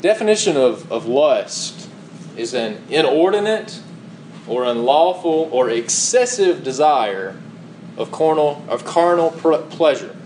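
A man's voice: a little high, expressive, slow pace, darkish tone, a little hiss or hum, poor audio. A man preaching a sermon, reading scripture aloud and asking rhetorical questions with emphatic repetition. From United States.

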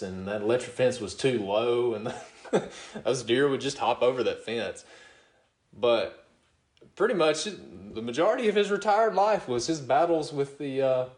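A middle-aged man preaching a sermon as pastor, talking in a relaxed, conversational way, often chuckling and asking "you know what?". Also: mid-range voice, echoey room.

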